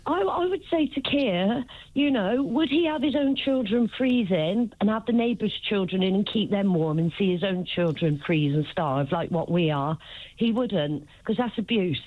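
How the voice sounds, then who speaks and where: A woman in her fifties calling in to a radio show, crying and pleading as she talks fast. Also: medium pitch, expressive, no echo, narrow, tinny audio. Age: 50s. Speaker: caller. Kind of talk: emotional phone-in call.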